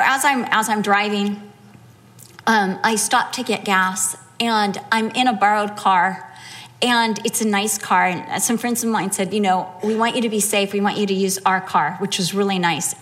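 A middle-aged woman preaching a sermon, telling a personal story with animated, acted-out quotes. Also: medium pitch.

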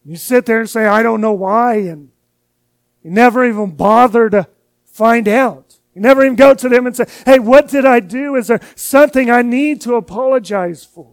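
Brief: male pastor with a very high voice, earnest conversational sermon, dry close sound. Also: normal speed, dry recording. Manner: earnest, conversational preaching with repeated words.

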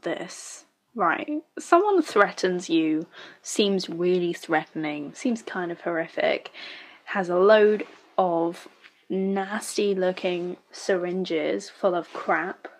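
Woman, casual reaction commentary, sarcastic, blunt, swears freely, mid-pitched voice. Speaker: show reviewer.

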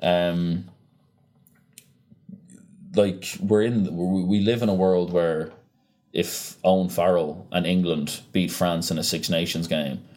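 A young man chatting casually on a podcast, ranting with animated energy and free swearing. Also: low-pitched, slow, pauses often. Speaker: podcast co-host. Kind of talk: casual chat.

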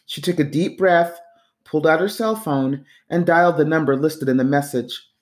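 A woman narrating a novel in a measured, even reading. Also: sits low. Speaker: audiobook narrator. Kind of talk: scripted narration.

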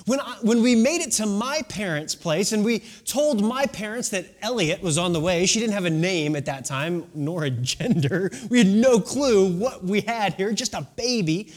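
A man in his thirties preaching a sermon, telling stories with drawn-out, dramatic phrasing and sometimes dropping to a hush for emphasis. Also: high-pitched, lively intonation. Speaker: pastor.

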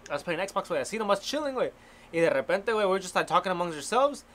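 Rapid-fire storyteller. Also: male voice, high-pitched, sing-song, fairly bright tone. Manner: slangy, swears, switches into Spanish mid-sentence. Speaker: storyteller among friends. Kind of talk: casual chat, telling a ghost story.

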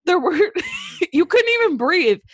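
With a very high pitch that swings hugely, a young woman takes her time spinning stories on the casual podcast she co-hosts. She swears and giggles throughout, drops her voice to quote others, and the recording has no room sound.

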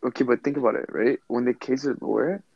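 Gravelly young guy rambling on a call. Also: medium pitch, quick pace, no room sound, muffled recording. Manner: slangy, rambling, lots of fillers. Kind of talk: casual chat among friends on a call.

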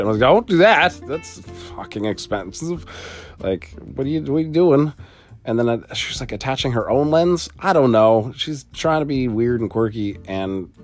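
A man's voice: lowish voice, darkish tone. Rambling, profane young man telling a dream. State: sleepy, just woke up. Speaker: vlogger. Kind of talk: casual storytelling vlog.

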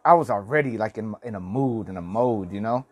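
A man's voice: on the low side, animated, a little fast, darkish tone, husky. Rambling, cussing man in his forties. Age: 40s. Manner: rambling, profane, lots of restarts. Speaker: vlogger. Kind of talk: casual storytelling vlog.

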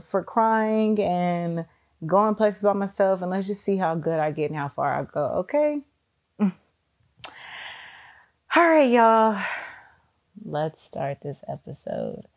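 A woman's voice: on the low side, a little mellow. A woman in her thirties hosting a podcast, talking frankly and expressively in a casual, candid way and swearing freely. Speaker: podcast host.

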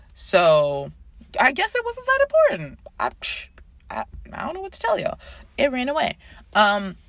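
A woman in her thirties hosting a casual podcast, chatty and animated, swearing and going off on tangents. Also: medium pitch, no echo. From Canada. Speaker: podcast host. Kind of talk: casual chat.

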